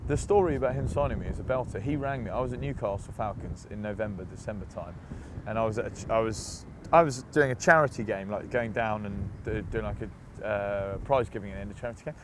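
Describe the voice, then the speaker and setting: A low-pitched man from England talks casually as an interview guest, telling lively stories and mimicking other people's voices as he goes. He is recorded outdoors in a city, with faint street noise behind him. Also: quick pace. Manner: animated storyteller, laughs and mimics voices. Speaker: interview guest, rugby player.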